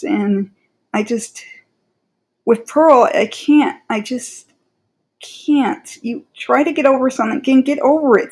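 A woman's voice: a little high, a little mellow. A woman giving casual opinion commentary in a rambling, exasperated way, with frequent fillers and restarts. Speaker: commentary creator.

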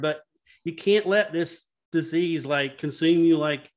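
A man's voice: a little high, measured pace. A middle-aged man speaking earnestly and openly about his feelings as a panelist in a candid video-call panel conversation. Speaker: patient advocate panelist.

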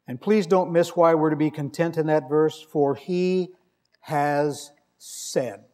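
A man preaching a sermon in a fairly high voice. His delivery is conversational and wry, and he leans hard on key words when he reads scripture aloud. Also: takes it slowly, mellow. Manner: wry, conversational storytelling with emphatic scripture reading.

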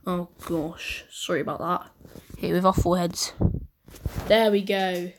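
A woman hosting casual pack-opening commentary, chatty and excitable with sudden shrieks. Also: mid-range voice, fairly quick. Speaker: channel host.

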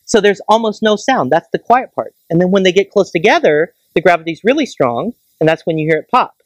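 Astronomer giving a public science talk, keen and chatty, keeps tossing in "right?", middle pitch, dry close sound. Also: animated, a little fast, dry recording. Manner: enthusiastic, keeps checking in with the audience with "right?"; explains in plain everyday comparisons. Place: planetarium lecture.

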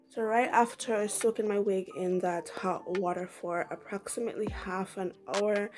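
A woman with a medium-pitched, dark voice narrates a beauty vlog in a groggy morning tone. Her voiceover is casual and chatty, packed with playful slang.

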